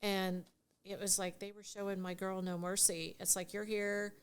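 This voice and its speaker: A middle-aged woman, a guest on a podcast, telling a story in lively, casual chat with frequent laughter and acted-out dialogue. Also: medium pitch, moderate pace, clean tone. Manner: animated storyteller who laughs often and acts out dialogue. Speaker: guest, divorce mediation attorney.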